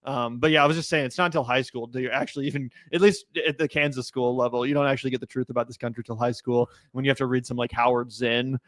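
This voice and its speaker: A man's voice: medium pitch, fairly even intonation, fast, hardly any pauses, fairly bright tone, no echo, clean studio sound. A man co-hosting a casual reaction podcast, rambling and profane with frequent laughs. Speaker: podcast co-host. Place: studio in a city neighborhood.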